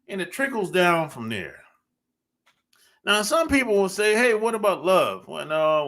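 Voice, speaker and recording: Male podcast host, high lively voice, unhurried, blunt, laughs a lot. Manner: blunt, laughing often, drawn-out emphatic phrasing. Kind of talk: casual monologue.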